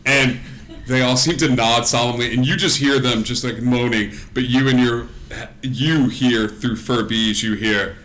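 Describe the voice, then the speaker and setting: Guy gm telling the story on a live stream, bright forward voice, chatty. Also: mid-range voice, a little slow, a little hiss or hum. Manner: lively descriptive storytelling with fillers. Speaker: game master. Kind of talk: live-streamed tabletop game narration.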